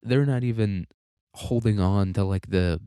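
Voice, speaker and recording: A man's voice: lowish voice, a little slow, warm tone, smooth, no room sound, clean studio sound. A man hosting a casual political commentary monologue, sarcastic, profane and rambling, and a little congested with frequent coughing. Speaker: podcast host.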